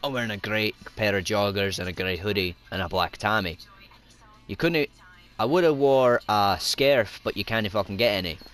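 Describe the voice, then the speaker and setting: Scottish man, young adult, low-pitched, sweary gameplay commentary, loud outbursts. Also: normal speed. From Scotland. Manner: sweary, rowdy, shouts at the game. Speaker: gaming YouTuber.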